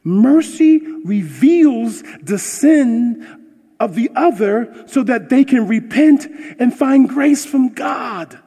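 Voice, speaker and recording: A man preaching a passionate sermon, swinging from hushed words to shouting, and ending in prayer. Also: very high voice, lively intonation, takes it slowly, husky. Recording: long hall reverb.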